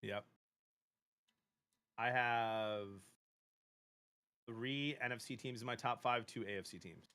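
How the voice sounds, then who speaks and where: A man's voice: mid-range voice, takes it slowly, long pauses, clean tone, no echo. Chatty man hosting a sports stream. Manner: chatty, excitable, slangy banter about bets. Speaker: sports show host and streamer. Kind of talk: casual sports chat on a live stream.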